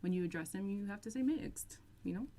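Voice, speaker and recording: A young woman hosting a casual livestream, chatting and reading out viewer comments, laughing often and stretching out some phrases slowly. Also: mid-range voice, dark tone. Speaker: livestream host reacting to reality TV.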